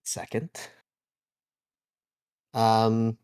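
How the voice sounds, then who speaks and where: A man playing a tabletop role-playing game, talking in a wry, drawn-out way. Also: lowish voice, completely flat delivery, a little mellow, clear, resonant tone, no echo. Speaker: player.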